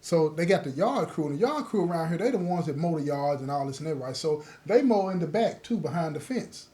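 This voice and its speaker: A man's voice: on the high side, fairly quick. A man casually telling a story from his own life, talking straight to his listeners and checking that they follow along. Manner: lively, acts out the others in his story. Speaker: host telling his own prison stories.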